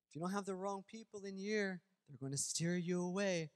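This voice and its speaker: A middle-aged male pastor preaching a sermon in a church, animated and casual, swinging between loud and hushed. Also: sits high, a little fast, hardly any pauses, smooth. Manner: casual, addresses crowd as y'all. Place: church sanctuary. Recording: long hall reverb, faint music.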